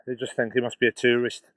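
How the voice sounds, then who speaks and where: A middle-aged Englishman with a Stoke-on-Trent Potteries accent, dropping his H's, live-streams a walk along a canal path, chatting to viewers on a handheld phone. His mid-range voice is fairly bright, and he rambles, chuckles, laughs and restarts phrases as he goes. The recording is dry but low in quality.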